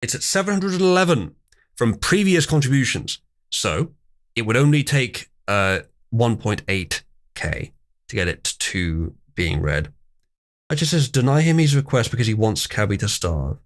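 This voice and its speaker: Male stream host, young adult, mid-range voice with lively pitch swings, wry and theatrical while reading chat. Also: normal speed. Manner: wry, mock-outraged, reads memes aloud with theatrical emphasis. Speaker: livestream host. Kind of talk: casual live-stream commentary reading chat.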